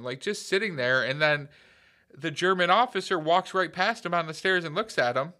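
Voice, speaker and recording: A man with a bright, forceful voice talks through a war film on a podcast. He recaps scenes with lively energy and drops the odd curse. His tone stays loose and conversational. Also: fairly high pitch, normal speed. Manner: animated scene retelling, swears casually. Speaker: podcast co-host. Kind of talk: casual movie discussion.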